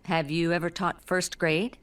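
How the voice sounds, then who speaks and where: A woman's voice: on the low side, a little slow, close to an everyday voice. A woman reading a polite job interviewer in a scripted textbook listening dialogue. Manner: clear, lively question intonation.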